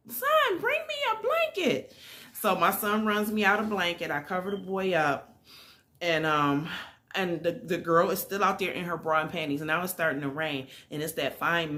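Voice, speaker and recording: Middle-aged woman, storytime vlogger, low-pitched yet bright, animated and emphatic. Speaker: vlogger telling a personal story. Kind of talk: casual storytime.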